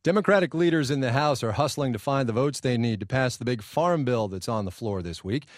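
A man's voice: mid-range voice, lively intonation, brisk, no room sound, soft background music. A man hosting a public radio business news program from a studio, talking in a conversational way with wry asides. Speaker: news anchor.

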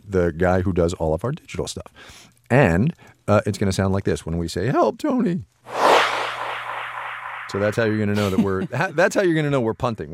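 A man co-hosting a chat podcast, congested from a cold and sucking a lozenge, relaxed and joking as he trails off and restarts. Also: on the low side, no echo, studio quality. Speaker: podcast co-host. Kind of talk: casual chat.

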